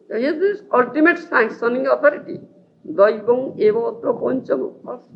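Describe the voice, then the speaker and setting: A man's voice: very high-pitched, creaky, dull audio. A man giving a scripture lecture, often checking whether his listeners follow him, on an old lecture tape. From India. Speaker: spiritual teacher.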